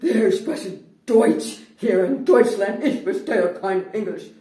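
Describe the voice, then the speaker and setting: A woman voicing a shrill, bossy German cashier who screams indignantly, recorded from a distance in a roomy space. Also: lively intonation, takes it slowly, mellow. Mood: shouting.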